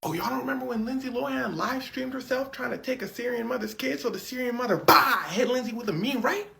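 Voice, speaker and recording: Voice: mid-range voice, quick pace, creaky, pushed and bright. A reaction video host telling a story with comic drama, in slangy speech, acting out every character.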